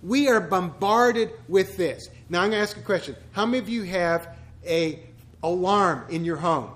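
Man, pastor, high voice, conversational church teaching, joking asides, rhetorical questions. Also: animated, normal speed, a bit bright.

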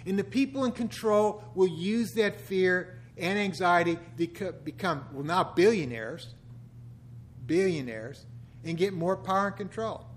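A man's voice: high voice, measured pace, a little hiss or hum. A man in his sixties, a pastor giving a conversational sermon full of wry, joking asides.

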